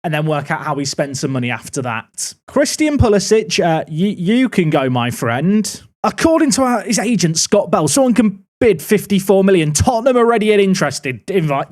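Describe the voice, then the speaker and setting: Gaming commentator, male, higher register with a bouncy, animated delivery; wry, thinks out loud at a desk mic. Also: moderate pace, hardly any pauses. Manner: chatty, wry, thinking aloud while playing. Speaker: gaming YouTuber. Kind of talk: casual gameplay commentary.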